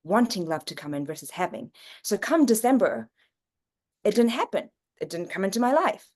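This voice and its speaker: A woman speaking in an earnest, teaching manner as a guest in a relaxed interview. Her voice sits at a middling pitch and swings up and down as she makes her points. She lays out her ideas patiently, one step at a time. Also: normal speed. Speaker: psychic reader and guest. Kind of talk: conversational interview.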